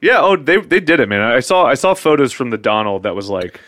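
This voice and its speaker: A man's voice: medium pitch, brisk, no room sound, studio quality. A man in casual comedic chat, improvising a long made-up story and acting out the voices in it with plenty of swearing. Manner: animated, profane, acts out quoted voices in his stories.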